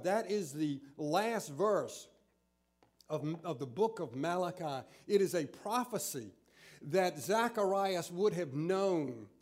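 A male preacher with a high voice reads scripture aloud and unfolds it as a story, taking his time. His storytelling is expressive, slowing for emphasis and leaning into personal anecdotes. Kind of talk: sermon.

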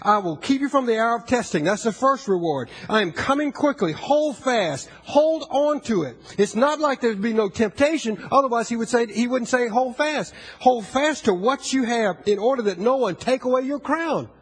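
An older male pastor delivering a sermon in a high-pitched, husky voice. He slips into low, hushed storytelling, then rises into loud, fervent calls to his congregation. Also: lively intonation, moderate pace, few pauses.

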